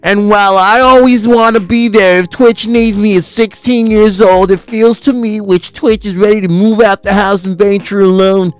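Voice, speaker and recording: A man putting on the voice of an earnest, soft-spoken tech executive, reading slowly and overly sincerely. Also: high voice, fairly even intonation, clear, resonant tone, dry recording, voice pushed up, natural voice. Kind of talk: mock reading of a statement.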